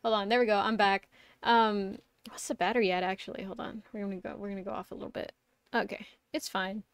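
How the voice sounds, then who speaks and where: A woman's voice: medium pitch, fast, clear, resonant tone, dry recording. A young woman streaming a game, chatting casually in a rambling way, reading chat aloud and laughing often. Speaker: VTuber streamer. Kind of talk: casual live-stream chat while gaming. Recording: steady audible background noise.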